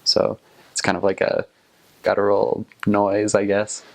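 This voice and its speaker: A man's voice: fairly low pitch, completely flat delivery, measured pace. A young man in his twenties, a returned missionary, giving casual, plain-spoken advice and recollections.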